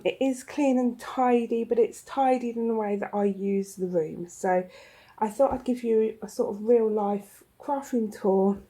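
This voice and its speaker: A craft vlogger gives a casual tour of her home craft room, rambling with plenty of ums and little laughs, recorded on a handheld camera. Her voice is on the high side, with a dark, slightly rough tone.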